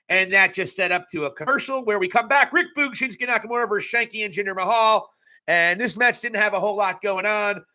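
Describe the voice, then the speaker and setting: Brief: young man, bright cutting tone, fairly high voice, blunt and crude wrestling-recap host, live casual chat. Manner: blunt, profane, joking asides. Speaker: wrestling show reviewer.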